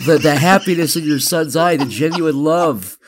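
A man chatting as a podcast guest, his voice sitting a little high. He rambles through comic riffs and swears freely as he talks. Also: normal speed, slight background noise. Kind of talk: casual chat.

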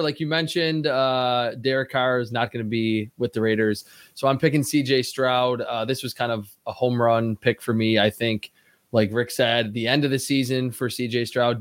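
A man's voice: medium pitch, dry recording. A man on a sports podcast panel explaining his draft pick point by point. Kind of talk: casual sports analysis.

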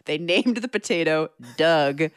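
A woman's voice: sits low, expressive, unhurried, clean tone, no room sound, clean studio sound. A woman co-hosting a radio show, telling a news story in a playful, giggly way. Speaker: co-host.

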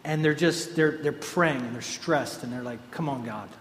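A man delivers a sermon in a relaxed storytelling manner, his slightly raised voice carrying through a large hall with a long reverb tail. A faint room ambience sits underneath. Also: fairly high pitch, normal speed, a little hiss or hum. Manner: storytelling, animated and conversational. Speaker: pastor.

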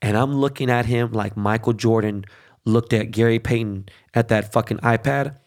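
A man's voice: mid-range voice, fairly even intonation, normal speed. Profane, ranting man host. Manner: profane, heated ranting with many fillers and restarts. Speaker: show host. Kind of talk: casual monologue.

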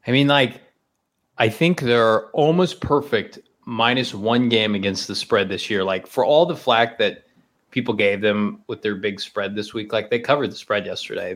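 Guy on a sports podcast, joking around, talks fast and animated. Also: on the low side. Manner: animated, joking, laughs easily. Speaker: podcast co-host. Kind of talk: casual sports podcast chat.

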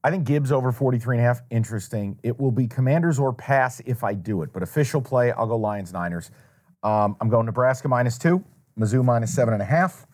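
A man's voice: medium pitch, fast, a little mellow. A man hosting a sports betting podcast, giving his picks in casual, wisecracking chat. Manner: wisecracking, teasing. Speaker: podcast host.

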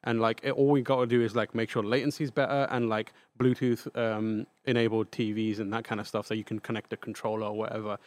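A man's voice: fairly low pitch, level tone, fast, hardly any pauses, no room sound. A man appearing as a guest games journalist on a podcast, thinking aloud in casual chat, full of likes and restarts.

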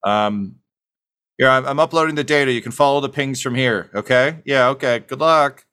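A man's voice: medium pitch, moderate pace, sharp tone, clean tone, voice pushed up, natural voice. A man voicing a smarmy, scheming male mad scientist who talks in chummy, wheedling patter. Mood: chipper.

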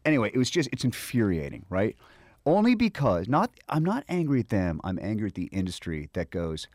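American actor guest, lower register, swings wide in pitch, swears freely, heated and emphatic, dry close mic. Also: male voice, brisk, no room sound. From United States. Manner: animated, profane, emphatic ranting. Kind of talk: casual conversation.

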